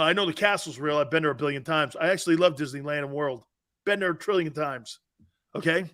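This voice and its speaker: A brash sports talk radio host with a high, bright, forceful voice. He argues his points emphatically and laughs off other opinions, peppering his talk with "man" and "dude.". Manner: argumentative, laughing off callers' views.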